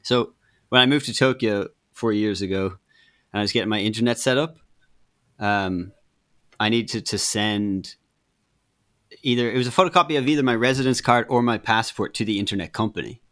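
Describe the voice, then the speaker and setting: A man's voice: fairly low pitch, fairly quick, long pauses, fairly bright tone. A young man, a podcast guest who talks bluntly, swears freely and laughs as he tells his complaint. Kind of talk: casual podcast chat.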